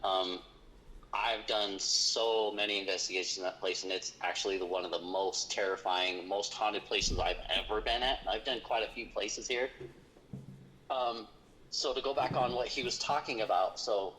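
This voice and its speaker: A man who investigates hauntings, telling a long personal story in conversation, halting and full of fillers and restarts. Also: on the low side, fairly bright tone, a little hiss or hum, low-quality recording. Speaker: paranormal investigator.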